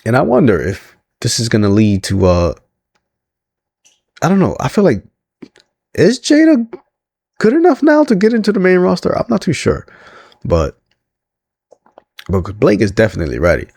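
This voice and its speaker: A man's voice: mid-range voice, huge pitch swings, normal speed, creaky, long pauses, darkish tone, slightly rough, no room sound, clean studio sound. A man hosting a casual wrestling recap, rambling with lots of fillers and chuckling asides.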